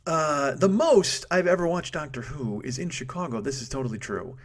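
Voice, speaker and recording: A man's voice: medium pitch, lively intonation, a little fast, breathy edge. A man in his forties hosting a comedy podcast, rambling through a profane monologue, cutting himself off and laughing at his own jokes. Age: 40s. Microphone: studio microphone.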